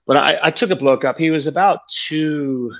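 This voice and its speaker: A man's voice: fairly high pitch, moderate pace, a bit bright, muffled recording, slight background noise. A man, a tandem skydiving instructor telling a story in a casual, rambling chat and swearing freely.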